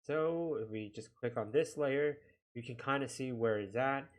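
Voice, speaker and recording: A man giving a casual software tutorial, talking himself through each click with a chatty, self-deprecating manner. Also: medium pitch, a little slow. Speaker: video editing instructor.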